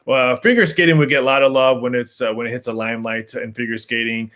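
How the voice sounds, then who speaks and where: A man co-hosting a sports podcast, talking through betting lines in a halting way, with lots of fillers. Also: medium pitch, steady tone, a bit bright. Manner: halting, many fillers and restarts. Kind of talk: casual podcast chat.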